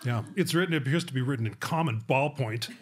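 A man's voice: medium pitch, fast talker, a little hiss or hum. A man co-hosting a live studio show, asking playful questions. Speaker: co-host.

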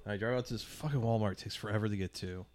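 A man's voice: fairly low pitch, racing, darkish tone, no echo. A man co-hosting a podcast, telling a casual, profane story and acting out the quotes. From St. Louis area, USA. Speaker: podcast co-host. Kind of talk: casual chat.

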